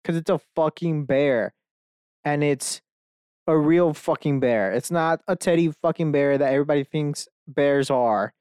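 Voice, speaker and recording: A young man hosting a podcast, talking alone from his bedroom in a rambling, profane, animated way. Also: a little high, a little slow, smooth, no echo, studio quality. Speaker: podcast host. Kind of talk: casual solo monologue.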